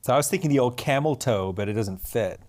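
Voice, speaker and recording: Male podcast co-host, mid-pitched, wry and dry in casual chat. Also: expressive, fast talker, a little mellow. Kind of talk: casual chat solving a crossword.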